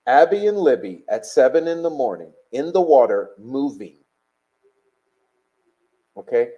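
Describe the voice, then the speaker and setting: A man's voice: medium pitch, big pitch swings, normal speed, dark tone, poor audio. A man hosting a live stream, reading chat and talking bluntly, combative and profane.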